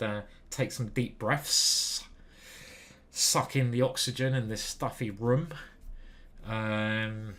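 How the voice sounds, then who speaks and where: A man commentating on his own online chess game as he plays, muttering to himself, swearing and getting excited. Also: mid-range voice. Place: small stuffy room.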